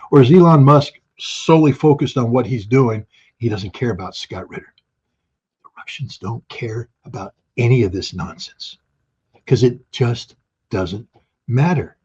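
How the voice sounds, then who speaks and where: Man, husky voice, blunt and emphatic, rhetorical questions, interview guest, muffled lo-fi sound. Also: fairly low pitch, darkish tone. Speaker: guest commentator. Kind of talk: opinionated interview talk.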